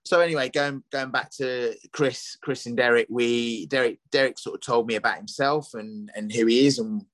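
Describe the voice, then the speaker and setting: A man's voice: mid-range voice, steady tone, normal speed, a bit bright, no room sound, rough recording. A middle-aged man, a chef guesting on a podcast, telling his story casually with many restarts and fillers. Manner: rambling, with many restarts and "you know" fillers.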